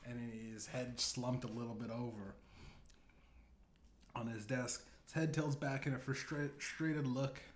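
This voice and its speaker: A man's voice: mid-range voice, steady tone, measured pace. A man hosting a podcast, telling a rambling comedic story full of profanity and asides. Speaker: podcast host. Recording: echoey room.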